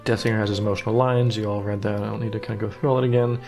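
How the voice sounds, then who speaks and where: A man giving a casual, earnest director's commentary on his animated series. He talks in a meandering way. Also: on the low side, very fast, over music.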